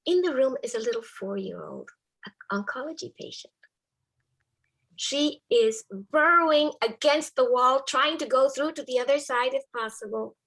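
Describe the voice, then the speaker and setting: A woman telling a personal story to a live audience in a soft, measured way, often dropping to a hushed whisper. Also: high-pitched, lively intonation, rough recording. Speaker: storyteller, spiritual care volunteer with a therapy dog.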